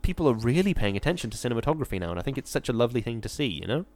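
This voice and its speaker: A man's voice: mid-range voice, very animated, rapid-fire. Chatty man, easygoing and rambling. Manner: rambling, hedging with "sort of", gentle enthusiasm. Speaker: podcast co-host. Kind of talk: casual chat.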